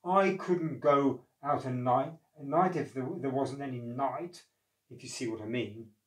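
A man doing a slow ponderous owl. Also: medium pitch, roomy sound, close to an everyday voice, rough recording. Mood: musing. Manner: slow, fumbling over his words.

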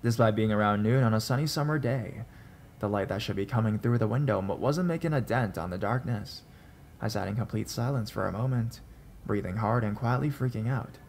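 A man narrating a first-person scary story in a measured, suspenseful way. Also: on the low side, a little mellow, slight background noise.

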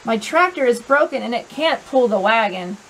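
A woman's voice: a little high, expressive, moderate pace, a bit bright, low-quality recording. A woman reading a kindly old-school farmer. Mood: friendly. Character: kindly middle-aged male farmer.

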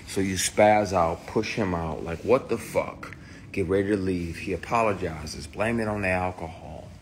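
Deep-voiced man telling a raw story. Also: moderate pace, slight background noise. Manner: emphatic, raw and swearing, with restarts. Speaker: actor. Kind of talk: candid personal testimony.

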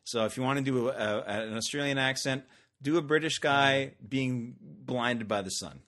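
A man's voice: medium pitch, moderate pace, fairly bright tone. A man hosting a casual podcast, joking and rambling with frequent restarts. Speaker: podcast host.

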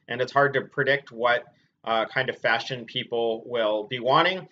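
A man casually reviewing clothes and shoes he has sold, in a chatty, relaxed way with many ums and uhs. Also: mid-range voice, moderate pace. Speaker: clothing reseller. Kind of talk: casual product review vlog. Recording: dull lo-fi sound.

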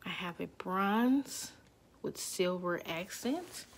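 Slow-talking woman showing off jewelry. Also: fairly low pitch, expressive. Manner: slow, repetitive, drops to whispers at times. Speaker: jewelry seller. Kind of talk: product showcase vlog.

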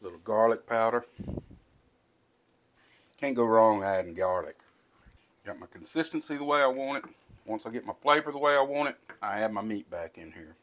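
A man's voice: fairly low pitch, animated, moderate pace, long pauses, fairly bright tone. A man, hosting a casual home cooking tutorial in a folksy, chatty way. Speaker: cooking show host. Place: home kitchen.

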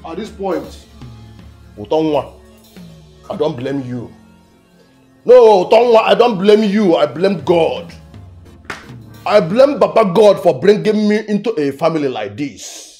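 A loud, greedy Nigerian son. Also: male voice, high voice, animated, measured pace, long pauses, faint music behind. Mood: bitter. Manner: boastful, shouting, mixes Igbo and English. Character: greedy boastful grown son, loud and bitter. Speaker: actor in a film. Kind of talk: Nollywood film drama.

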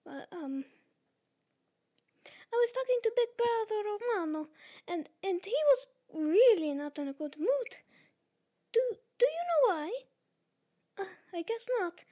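A woman's voice: extremely high pitch, big pitch swings, unhurried, long pauses, warm tone, heavily acted. A woman voicing a jittery, cheerful young male anime character with a put-on Italian accent, stammering and whiny, on a dull lo-fi recording. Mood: nervous.

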